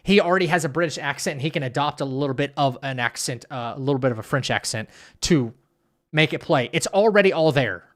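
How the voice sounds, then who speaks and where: Talking fast and animatedly in a medium pitch, this male streamer reads his live chat and responds to viewers' comments. His casual talk rambles, full of stammers and sentences he keeps starting over.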